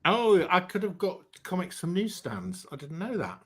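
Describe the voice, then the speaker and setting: A man's voice: high-pitched, very animated, moderate pace, slightly rough. A man chatting casually on a geek talk stream, telling stories with plenty of fillers like um and you know. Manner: chatty storyteller, lots of fillers. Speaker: panelist on a geeky chat stream. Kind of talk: casual chat.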